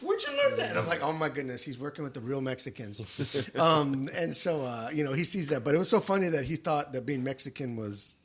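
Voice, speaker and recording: A man's voice: mid-range voice, brisk. A middle-aged man hosting a podcast, telling family stories in casual chat and acting out the voices of the people in them. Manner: animated, acts out quoted voices in his stories.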